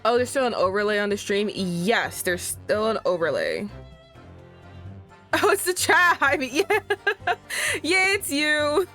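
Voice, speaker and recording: A woman's voice: a little high, sing-song, measured pace, pauses often, pushed and bright, faint music behind. A young woman streaming a game, chatting casually, swearing freely and laughing often. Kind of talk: casual game let's-play chat.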